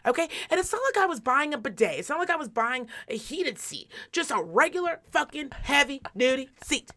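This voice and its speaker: A woman on a podcast rants with swooping, lively pitch, swearing freely. Her voice sits a little high, and she slips into mocking voices as she tells the story. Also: brisk. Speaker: podcast co-host. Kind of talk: casual ranting chat.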